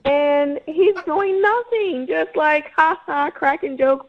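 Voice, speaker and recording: A woman's voice: high-pitched, expressive, unhurried, few pauses, dull audio. A woman calling in to a radio show, dramatic and indignant as she complains about a date. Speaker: caller. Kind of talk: upset phone-in call.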